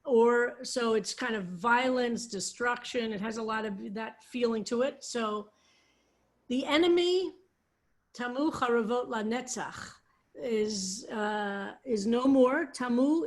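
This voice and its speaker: A woman rabbi teaching a psalm study over a video call, patiently explaining Hebrew words. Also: a little high. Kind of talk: online Hebrew text lesson.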